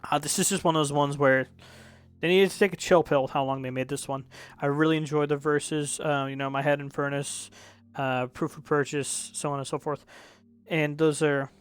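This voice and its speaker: A man's voice: fairly high pitch, fairly even intonation, normal speed, clean tone. A young man casually reviewing music, rambling and correcting himself, frank and a bit profane.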